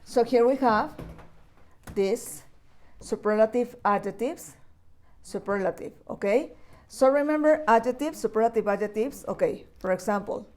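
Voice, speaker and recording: A woman's voice: a little high, normal speed, a little mellow. A woman teaching English grammar to young children, talking patiently and repeating key words with frequent checks. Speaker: primary school English teacher. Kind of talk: recorded class lesson for children.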